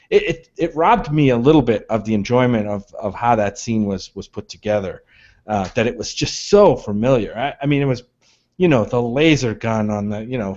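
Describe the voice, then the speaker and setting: A man co-hosting a podcast, chatting casually about a movie in a thoughtful, story-minded way with many restarts. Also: mid-range voice. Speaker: podcast co-host. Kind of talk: casual movie review chat. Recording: dull lo-fi podcast audio.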